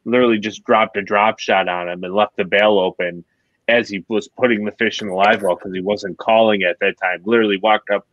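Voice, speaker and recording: A man's voice: fairly low pitch, fairly even intonation, fairly quick, a bit bright, no room sound. A man from New York guesting on a fishing podcast, rambling through stories in a thoughtful way. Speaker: guest angler. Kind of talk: casual podcast chat. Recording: dull dry lo-fi audio.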